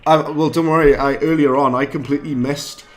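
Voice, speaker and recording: A British man giving chatty live commentary while streaming a game, mocking himself and breaking into quick bursts of frustration. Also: a little high, fairly even intonation, soft background music.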